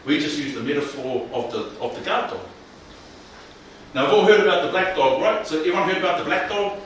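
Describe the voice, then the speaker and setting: New male workshop presenter, slightly high voice, chatty and animated, distant mic in an echoing room with faint hiss. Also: fairly quick. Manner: animated, colloquial, asks the audience questions. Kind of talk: mental health workshop talk. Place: room with live audience.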